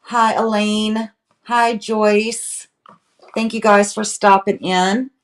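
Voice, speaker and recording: A woman's voice: medium pitch, little pitch movement, takes it slowly. A woman hosting a casual live painting demonstration, chatting and greeting viewers by name. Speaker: furniture painting livestream host.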